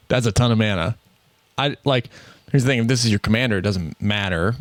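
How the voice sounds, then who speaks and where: A podcast co-host with a Midwestern accent and a lowish voice chats casually about card games at a slightly fast clip, on a dry recording. He rambles, corrects himself mid-thought, and laughs often.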